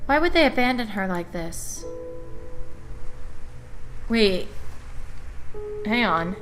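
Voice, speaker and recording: Woman gamer commentating a story game, chatty, bright voice, soft music underneath. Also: medium pitch, lively intonation, slow pace. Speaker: let's play gamer.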